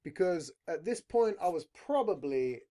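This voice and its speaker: This is a man hosting a podcast in loose, casual chat. His pitch jumps up and down a lot as he talks, and he swears bluntly and rambles from one thought to the next. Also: very animated, measured pace, warm tone. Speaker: podcast host.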